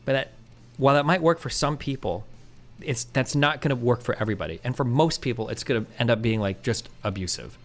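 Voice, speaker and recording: A man's voice: mid-range voice, fairly quick. A man hosting a livestream, arguing heatedly and swearing often as he debates his guests. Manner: animated, argumentative, swears often. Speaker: streamer host.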